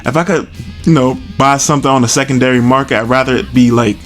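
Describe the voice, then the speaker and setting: A man's voice: medium pitch, fairly even intonation, quick pace. Casual male host with a mid-range voice, chatty and chuckling, faint music underneath. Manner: chatty, self-amused, chuckles often. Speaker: toy collector video host. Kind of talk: casual product walkthrough.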